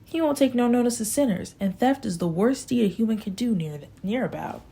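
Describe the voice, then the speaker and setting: Picture a poor old backwoods farmer, as a woman reads him, preaching about sin and righteousness with a gravelly edge. He pleads, scolds and justifies himself in a raised, self-righteous tone, read in a storybook style. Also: a little high, animated, fairly quick, dark tone, voice pushed up, exaggerated voice. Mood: preachy.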